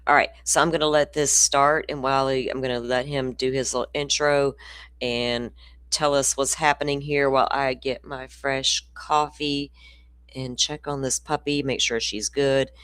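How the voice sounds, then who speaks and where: A woman from Florida with a Southern accent hosts a casual true crime stream, chatting with viewers in a loose storytelling way, laughing and adding storytelling asides. Her bass voice is steady and fairly bright, at a normal speed, with a clean tone and no echo.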